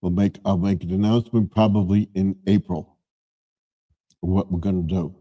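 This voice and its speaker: A man's voice: low-pitched, steady tone, normal speed, dull audio. A man in his seventies hosting a live stream, chatting casually in a rambling way and often correcting himself.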